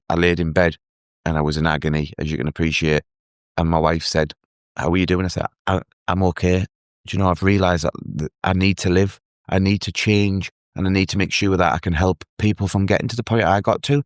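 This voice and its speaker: Deep guy telling his story in an interview, earnest, lots of restarts, dry sound. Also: dry recording. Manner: earnest, halting, with many restarts. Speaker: guest, mental health advocate. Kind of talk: emotional personal story in an interview.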